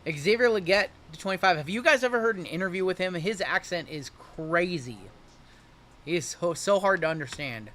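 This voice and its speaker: A high, bright-voiced man runs a livestream card break, calling out every pull as it comes. He keeps the patter jokey and upbeat between cards. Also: lively intonation, brisk, a little hiss or hum. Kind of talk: livestream card-opening commentary.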